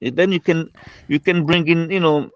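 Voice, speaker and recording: Brief: halting man, mid pitch, dry and slightly muffled line. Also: steady tone, no room sound. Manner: hesitant, repeats words, many fillers. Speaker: debate participant. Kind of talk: casual online debate.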